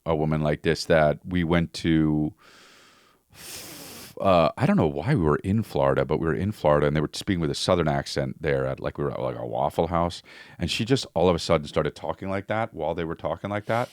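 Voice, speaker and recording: A man co-hosting a podcast, in casual, rambling chat with lots of halting restarts. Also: extremely low pitch, a little mellow, no echo, studio quality. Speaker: podcast co-host.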